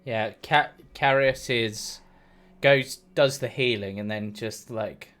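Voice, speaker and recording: A man playing a tabletop game, speaking slowly and thoughtfully for his character. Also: mid-range voice, a bit bright. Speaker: player. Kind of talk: casual tabletop play.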